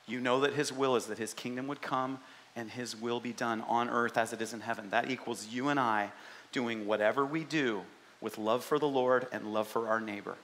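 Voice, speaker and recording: Bright-voiced man preaching a lively sermon. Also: medium pitch, a little hiss or hum. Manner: animated, conversational, asks the congregation questions. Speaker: pastor.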